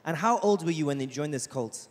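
A man's voice: fairly high pitch, animated, fairly quick. Man interviewing in a reverberant hall. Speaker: church interviewer. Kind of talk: interviewing a guest and summarizing her answers.

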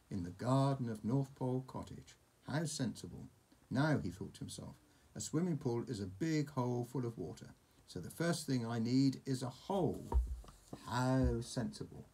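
A man's voice: medium pitch, lively intonation, normal speed, dark tone, husky. A man reading a picture book aloud to a child, with playful, chatty asides.

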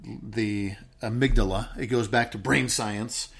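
A man co-hosting a podcast, talking through his ideas with stories and sometimes dropping into a slow, low, calm voice to show how it works. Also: gravelly, breathy edge. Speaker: podcast co-host. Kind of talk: casual podcast chat.

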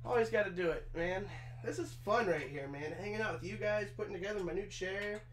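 A young man in his twenties, hot and sweaty, chats loosely with his viewers and swears now and then while he puts together a chair. His voice sits high for a man. The small room rings with echo, and a faint hum runs underneath. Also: a little fast, a bit bright. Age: 20s. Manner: chatty, talks to chat while assembling a chair, swears casually. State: sweaty and overheated from work. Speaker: streamer. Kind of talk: casual live-stream chat.

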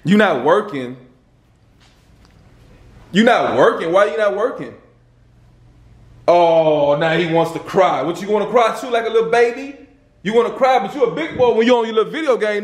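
A man with a Southern US accent, pranking his kids as a vlogger dad, loud, bossy and teasing. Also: high voice, roomy sound. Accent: Southern US Black English. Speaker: vlogger, father.

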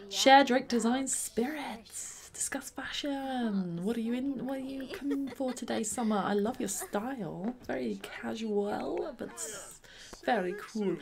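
A woman hosting let's play commentary, bubbly and excitable, sometimes dropping into soft whispers. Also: fairly high pitch, vocal fry. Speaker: gaming channel host.

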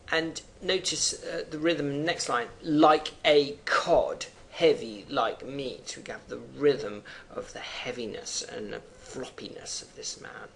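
A man with a gravelly voice, the pitch sitting in the middle for a man, talks a class through a poem, stopping to reread lines and explain words as he thinks aloud. Soft background noise runs under the recording. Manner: unscripted, thinking aloud with fillers between readings. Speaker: teacher.

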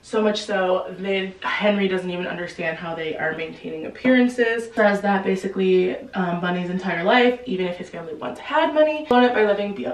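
A woman casually retelling a novel's plot in a chatty, slangy way, quickly acting out the characters' lines. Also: mid-range voice, echoey room, far from the mic, poor audio. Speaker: book explainer. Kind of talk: casual book recap.

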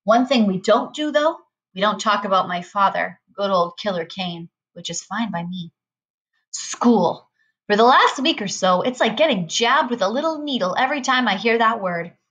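A woman's voice: mid-range voice, lively intonation, moderate pace, fairly bright tone, muffled recording. A woman reading a novel aloud in a casual, conversational first-person narration. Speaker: reader.

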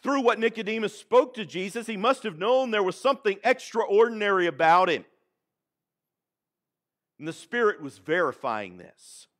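A man's voice: high-pitched, normal speed. Texan preacher guy, big swoops in his voice, dramatic, gets the church to say it with him. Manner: dramatic, animated preaching with call-and-response. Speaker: pastor. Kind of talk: sermon. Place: church sanctuary.

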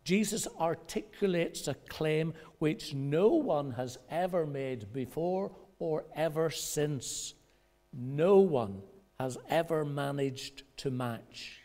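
A man delivers a sermon from the pulpit of a church, steady and deliberate, letting pauses land for dramatic effect. His voice climbs higher and louder each time he quotes someone else.

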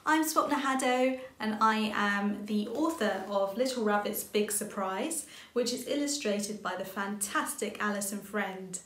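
A woman's voice: medium pitch, measured pace, few pauses, fairly bright tone. A woman, the author, reading her own children's picture book aloud in an inviting storytelling manner. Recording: roomy echo.

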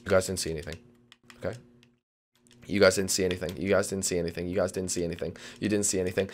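A young man hosting comedic game commentary, excitable and playful. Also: on the low side, racing. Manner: excitable, playful, jumps from mutters to yelling. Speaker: gaming channel host.

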